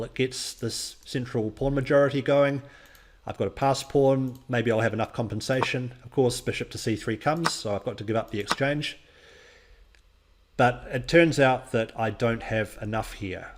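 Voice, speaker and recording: A man with a voice of ordinary pitch talks through a lost chess game as a coach would. He explains it move by move. He is reflective and frankly self-critical about what went wrong. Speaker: chess coach and channel host. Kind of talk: chess game analysis walkthrough.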